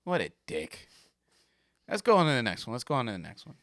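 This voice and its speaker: Male podcast host, loose and profane, lively intonation, dry close sound. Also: medium pitch, a little fast, no echo. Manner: laid-back, swears freely, laughs often. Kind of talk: casual chat reacting to viral videos.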